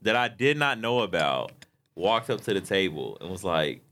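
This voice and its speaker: A young man hosting a casual chat, telling a story with lively acted-out voices. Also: deep voice, normal speed. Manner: animated storyteller, acts out voices.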